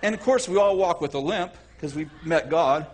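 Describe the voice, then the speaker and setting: Male preacher, high husky voice, animated sermon delivery with acted-out voices. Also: moderate pace. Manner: animated, acts out voices, self-correcting.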